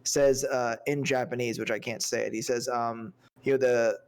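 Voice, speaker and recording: A man co-hosting a podcast has a smooth mid-range voice with fairly even intonation and normal speed. Chatting casually about a film in a movie review chat, he rambles, searches for words and uses many fillers.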